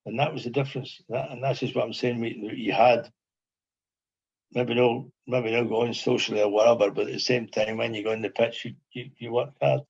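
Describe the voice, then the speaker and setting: A man's voice: mid-range voice, slightly rough, highs cut off. An older man, a former footballer, reminiscing as a podcast guest in a rambling way, repeating phrases and asking "you know what I mean". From Scotland. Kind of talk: casual reminiscing chat.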